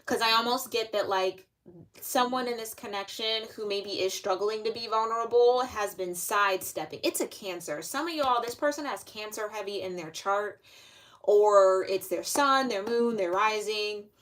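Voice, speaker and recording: A woman's voice: medium pitch, normal speed, fairly bright tone. A young woman giving a casual, rambling tarot reading, talking loosely with lots of fillers. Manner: chatty, filler-heavy, loose and conversational. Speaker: tarot reader.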